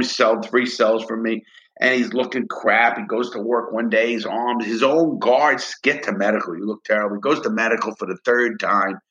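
A man's voice: on the low side, fairly bright tone, muffled recording. Blunt, profane man telling a prison story. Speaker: interview guest, former prisoner. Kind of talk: emotional storytelling interview.

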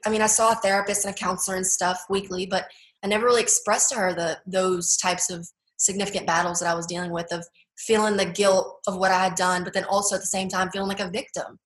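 A woman's voice: medium pitch, little pitch movement, fast talker, a bit bright. A young woman, a guest in an interview, sharing her story in an earnest, heartfelt way, with lots of "like" and "you know". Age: young adult. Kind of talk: personal testimony interview. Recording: roomy echo.

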